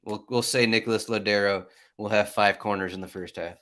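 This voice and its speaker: A man's voice: on the low side, steady tone, brisk, bright, forceful tone. A man hosting a sports betting podcast, chatty and upbeat as he asks questions and plugs the website. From Michigan. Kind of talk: casual chat.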